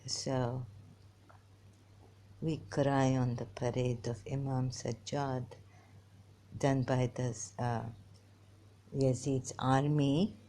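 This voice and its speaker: Very low-voiced woman vlogging slowly. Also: flat delivery, mellow. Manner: halting, giggly, restarts and trails off often. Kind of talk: rambling personal monologue to camera.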